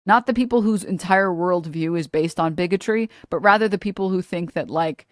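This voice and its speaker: A woman's voice: on the low side, fairly quick, hardly any pauses, no echo, studio quality. A woman live streamer ranting about politics to her chat, blunt, sarcastic and profane, often laughing mid-sentence. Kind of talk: casual political rant to chat.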